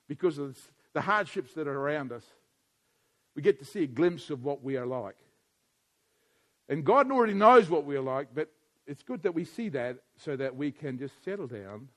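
A man preaching a sermon as a pastor, animated and acting out the voices of others. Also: fairly high pitch.

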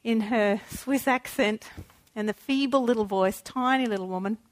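A woman giving an impassioned personal testimony, talking straight to her listeners and swinging between hushed and loud. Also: a little high, moderate pace. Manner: conversational, asks the audience questions. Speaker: speaker sharing a personal testimony. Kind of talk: testimony talk.

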